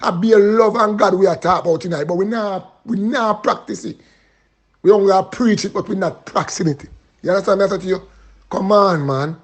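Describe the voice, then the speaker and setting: Man, Jamaican accent, high-pitched, preachy, pleading, repetitive. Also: brisk. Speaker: street preacher and vlogger. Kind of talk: impassioned live appeal and prayer.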